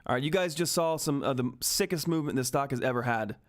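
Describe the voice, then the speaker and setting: A man hosting a live stock market stream, talking excitedly and emphatically to his chat from home, repeating himself for emphasis. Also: mid-range voice, fast talker. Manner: hyped, repetitive, emphatic, swears mildly. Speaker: stock market livestream host.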